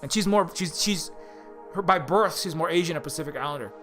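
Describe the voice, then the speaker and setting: A man's voice: fairly high pitch, a little fast, a bit bright, soft background music. A man from Hawaii, an indie game developer, delivering a heated, profane rant full of restarts and repetitions. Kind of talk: ranting monologue.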